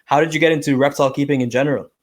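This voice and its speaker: A man's voice: on the high side, steady tone, racing, dry recording. Upbeat male podcast host, dry sound. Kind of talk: casual podcast hosting.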